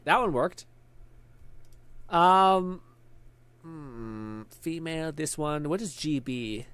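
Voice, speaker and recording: A man's voice: fairly high pitch, animated, slow, a bit bright, clean tone, no room sound. A man streaming live, chatting casually, thinking aloud and laughing easily, sweaty and tired after a long stream.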